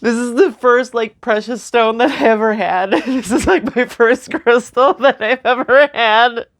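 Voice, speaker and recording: A young woman speaking slowly and tearfully in a personal memorial vlog, with soft nervous laughs. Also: a little high. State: crying. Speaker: vlogger.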